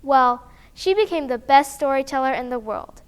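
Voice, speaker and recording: A woman reading a children's picture book aloud, animated and expressive, with sound effects. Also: high voice, moderate pace. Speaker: storyteller.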